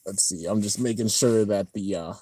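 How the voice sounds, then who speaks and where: A man hosting a casual live-stream reaction, talking excitedly and rambling as he comments on an episode. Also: on the low side, moderate pace, a little hiss or hum. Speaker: channel host reacting to an anime episode.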